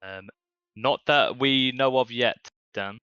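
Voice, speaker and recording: A player's voice, bright and forceful, excitable and prone to swearing. The recording is dry and a little dull, with faint music behind. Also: male voice, mid-range voice, takes it slowly, smooth, no room sound. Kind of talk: playing a tabletop game.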